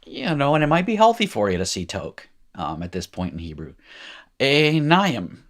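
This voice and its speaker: A man's voice: mid-range voice, huge pitch swings, moderate pace. A man teaching a recorded language lesson in a chatty, informal way, with joking asides. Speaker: Hebrew teacher. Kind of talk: recorded lecture.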